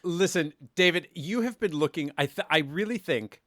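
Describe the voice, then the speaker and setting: A man co-hosting a podcast in casual chat, teasing his co-host and reacting quickly to the story. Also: fairly high pitch, lively intonation, a bit bright, no room sound, studio quality.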